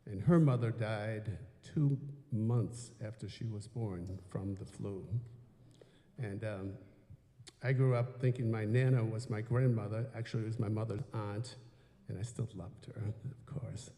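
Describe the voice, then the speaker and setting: Older American man, mellow and rambling, telling a story from a reverberant stage. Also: on the low side, steady tone, a little slow. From United States. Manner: chatty, meandering, with many fillers and restarts. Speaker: folk performer telling stories between songs. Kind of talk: rambling onstage anecdote. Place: church sanctuary, live concert. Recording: roomy live sound in a hall.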